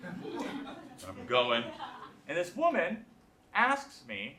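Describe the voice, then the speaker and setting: A man's voice: a little high, animated, moderate pace, noisy background. A man hosting a live late-night show, giving a self-deprecating stand-up monologue and acting out voices. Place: live theater with audience. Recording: echoey live theater.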